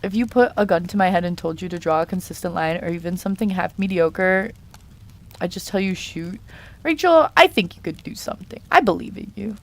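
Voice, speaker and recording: A woman's voice: fairly low pitch, lively intonation, brisk. A young woman chatting casually on a live stream while she draws, playfully reading and answering chat messages. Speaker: art streamer.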